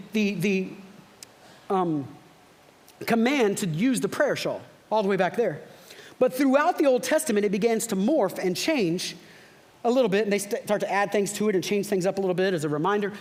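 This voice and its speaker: High-voiced pastor teaching a sermon. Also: male voice. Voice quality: frequent repeated words and restarts. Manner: conversational teaching, bursts of fervent emphasis. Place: church.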